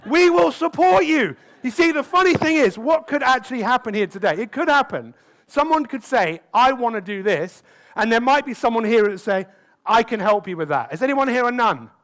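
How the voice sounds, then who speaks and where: A man giving a motivational talk on a conference stage, lively and constantly asking the audience questions. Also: extremely high pitch, a little fast. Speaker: motivational speaker.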